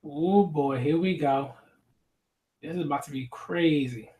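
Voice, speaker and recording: A man casually reads through a manga and reacts out loud as he goes. His voice sits fairly high, and he stumbles over names and fills the gaps with filler words. His commentary is blunt, profane and excitable. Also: unhurried. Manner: unsure about names, trails off into fillers.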